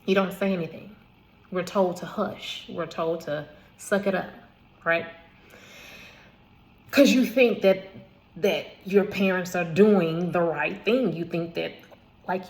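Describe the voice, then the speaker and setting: A woman's voice: mid-range voice, vocal fry. A woman telling a personal story in a casual, emphatic way. She repeats phrases for weight, corrects herself and adds asides. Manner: repetitive, emphatic retelling with asides and restarts. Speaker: vlogger telling her own life story.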